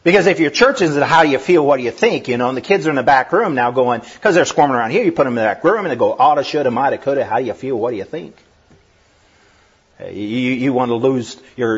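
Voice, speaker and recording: A middle-aged man preaching a sermon, lively and given to laughing asides and acting out voices. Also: mid-range voice, husky. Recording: dull lo-fi recording.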